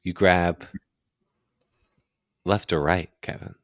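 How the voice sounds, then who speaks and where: A man narrating a tabletop horror game as game master, in slow, measured speech and with questions to the player. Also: deep voice, fairly even intonation, a bit bright, dry recording, studio quality.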